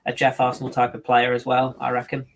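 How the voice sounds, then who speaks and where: A man's voice: mid-range voice, monotone, quick pace, slight background noise. A man co-hosting a football podcast, chatting casually and emphatically, often repeating himself. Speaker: podcast co-host.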